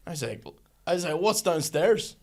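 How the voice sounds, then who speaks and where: A man's voice: on the high side, very animated, normal speed, a little mellow. Chatty young man swapping stories. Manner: chatty storyteller with slangy banter. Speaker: podcast co-host. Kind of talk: casual podcast chat.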